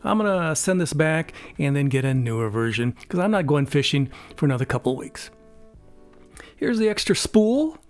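A man in his seventies from California, rambling through a casual unboxing review at home, pausing often on fillers and chuckling. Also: fairly high pitch, sing-song, faint music behind. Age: 70s. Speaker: YouTube product reviewer.

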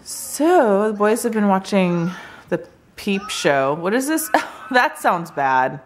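A woman's voice: medium pitch, very animated, slow, faint music behind. A young woman hosting a casual vlog, tired and in pain, talking to the camera from a couch at home. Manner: tired, resting on a couch, talks with laughs. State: in pain from contractions. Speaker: vlog host. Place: living room at home.

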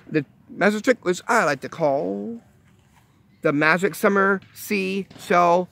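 A man hosting a magic tutorial, explaining tricks in a chatty, halting way with many restarts and upbeat reveals. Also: fairly high pitch, pushed and bright. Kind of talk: casual how-to demonstration.

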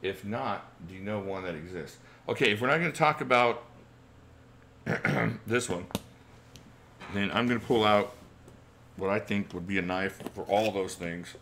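A man's voice: on the low side, unhurried, long pauses, a bit bright, a little hiss or hum. A man in his forties hosting a casual livestream Q&A, chatty, reading viewer questions aloud and chuckling often. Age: 40s. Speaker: channel host.

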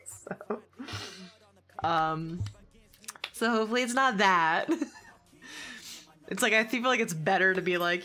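Chatty woman streamer, bright voice. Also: medium pitch, unhurried, pauses often. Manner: chatty, swearing, laughing often, reads chat aloud. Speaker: gaming streamer. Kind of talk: casual stream chat with viewers.

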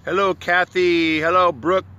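A man runs his own live broadcast, upbeat and a little hyped, chatting casually and greeting viewers by name one at a time. His voice is high and sharp, clear and resonant, with little pitch movement and a slightly slow pace. The highs in the recording are cut off.

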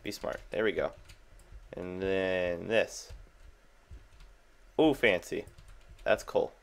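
A man's voice: deep voice, slow pace, gravelly. A young man hosting a gaming video, chatting casually and reacting jumpily to the game, with keyboard clicks behind him. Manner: chatty, self-amused, jumpy reactions. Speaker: gaming channel host.

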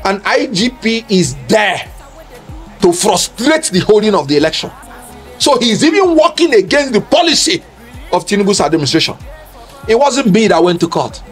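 A man lays out a legal argument with emphasis and rhetorical questions. His voice sits high and swings widely in pitch. Faint music plays under him. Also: big pitch swings, moderate pace. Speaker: legal commentator. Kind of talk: public speech on law.

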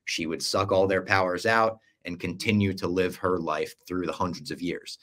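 Lively young man recapping a show. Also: low-pitched, normal speed. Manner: animated storyteller, acts out quoted lines. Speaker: podcast co-host. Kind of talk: casual podcast chat, recapping a show.

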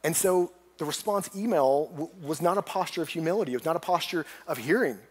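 A man's voice: fairly high pitch, quick pace, husky. Earnest man preaching a sermon. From United States. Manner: earnest, storytelling, builds up emphatically on punch lines. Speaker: pastor.

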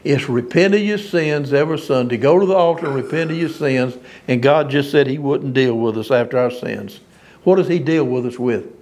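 A man's voice: medium pitch, normal speed, a little mellow. A man preaching an informal sermon, folksy and emphatic, often laughing at his own lines.

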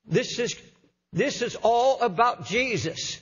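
A man's voice: high voice, measured pace, husky. Older male pastor, impassioned sermon, muffled lo-fi tape. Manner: impassioned, repeats words as he preaches. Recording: lo-fi sermon recording in a hall.

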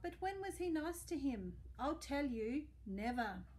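A woman librarian reading a picture book aloud to children, expressive and asking questions as she goes. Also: sits high, measured pace. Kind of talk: storytime read-aloud for children.

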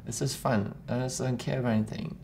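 A South African man rambles through a casual interview, peppering almost every phrase with "like" and swearing without a second thought. His pitch sits in the middle for a man, and faint noise hangs behind him. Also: steady tone, fairly quick, creaky, darkish tone. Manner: rambling, profane, full of "like" fillers. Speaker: musician and actor, guest.

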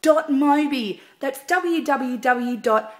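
A woman putting on the voice of a perky female ticket seller, reading out phone numbers and web addresses in an upbeat sales pitch. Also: takes it slowly. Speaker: singer.

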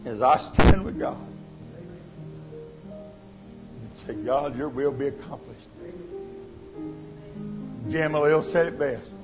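A man preaching a sermon as pastor, surging to loud exhortation and sinking to quiet appeals. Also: slow pace, long pauses, over music, low-quality recording. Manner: impassioned, rising to loud exhortation then dropping low. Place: church sanctuary.

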